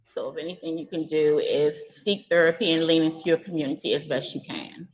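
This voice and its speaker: Earnest woman, slightly low voice. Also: fairly even intonation, dull audio. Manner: earnest, halting, holding back tears. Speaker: guest. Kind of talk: casual heartfelt sharing. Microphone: video call.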